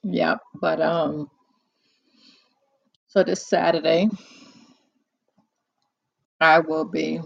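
A host of a live call-in talk show chatting casually into a close microphone, unhurried and musing, with many pauses and fillers. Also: mid-range voice, flat delivery, vocal fry, no room sound, highs cut off.

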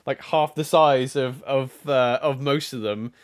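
A man with an average-pitched voice chats on a casual podcast. He hesitates often and fills the gaps with ums and restarts while he recalls events. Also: measured pace. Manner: hesitant, many fillers, laughs easily. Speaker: podcast co-host.

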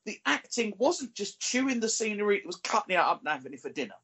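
A man's voice: high voice, big pitch swings, fast, sharp tone, slightly rough. A man, a regular on a TV review podcast, giving an exasperated, ranting critique in casual chat.

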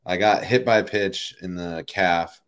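A man in his thirties with a notably deep, low voice, recounting a memory in casual interview chat. He talks loosely, with plenty of "like" and "you know" as he goes. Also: measured pace, clear, resonant tone. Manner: relaxed, rambling, many fillers like "you know" and "like". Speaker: professional baseball player, guest.

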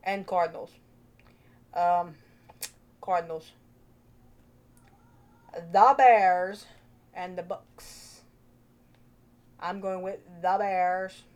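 A woman's voice: lowish voice, fairly even intonation, drawn-out words, pauses often, darkish tone, dull audio. A woman hosting a casual vlog, chatty and playful, thinking aloud into her own microphone. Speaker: vlogger host.

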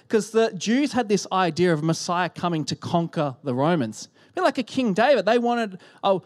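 A man delivers a sermon from the front of a church, holding a microphone. He talks in an animated way, jumping up for emphasis and then sinking into hushed, almost whispered lines. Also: high-pitched. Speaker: pastor. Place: church hall. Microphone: handheld microphone.

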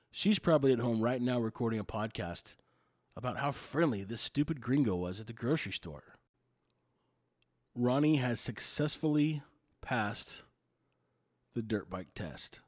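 A man's voice: medium pitch, moderate pace. A middle-aged man from the United States telling everyday stories in a casual, self-mocking way. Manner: animated, self-mocking storyteller. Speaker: vlogger. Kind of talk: casual storytelling.

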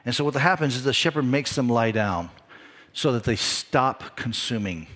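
A male pastor delivers a sermon in an animated, conversational manner, often joking at his own expense. His voice sits at a middle pitch for a man. The sound carries the long reverb of a large church hall. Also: normal speed. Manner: animated, conversational preaching with self-deprecating asides.

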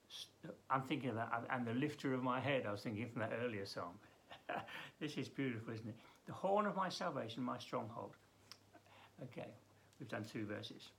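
A man as pastor giving an earnest daily Bible devotional, emphatic and halting with frequent restarts. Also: mid-range voice, animated, creaky, sharp tone.

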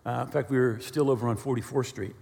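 A male pastor preaching a sermon, telling stories with animated bursts of quick speech. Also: mid-range voice, vocal fry, big-room sound. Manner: animated storyteller, speeds up when excited.

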